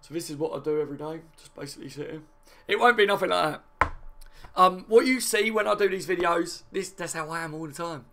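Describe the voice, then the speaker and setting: A man hosting a football fan channel, chatting fast and excitedly and answering viewer comments with frequent laughs. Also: a little high, slight background noise. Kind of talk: live fan chat reacting to viewer comments.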